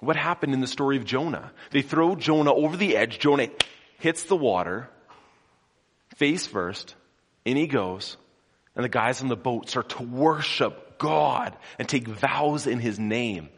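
A male preacher relates the story with drama, swinging from loud and forceful to hushed, and often poses questions to the congregation. His mid-range voice is creaky and slightly rough, with lively intonation and a measured pace, all in long hall reverb.

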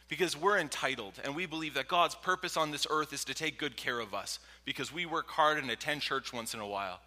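Male pastor, sermon delivery; sharp bright tone, dramatic loud-to-whisper swings, long church reverb. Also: on the high side, brisk, hardly any pauses. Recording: long reverb from a large hall.

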